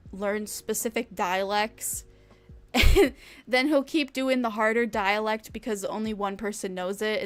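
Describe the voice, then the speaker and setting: A woman's voice: medium pitch, clean tone. A young woman streamer chatting casually with her viewers, rambling, laughing often and swearing freely.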